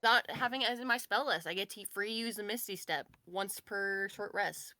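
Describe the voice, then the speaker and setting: A woman describes her character's moves in a tabletop game. She rambles and hedges with constant fillers. Her voice is bright, and the sound is dry. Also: mid-range voice, moderate pace, no room sound. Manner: rambling, many "like" and "kinda". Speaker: player.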